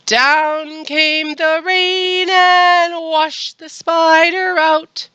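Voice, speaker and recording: A woman voicing a great big daddy spider, singing slowly and loudly in a children's song. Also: very high voice, little pitch movement, no room sound, highs cut off, voice pushed up, heavily acted. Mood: bold.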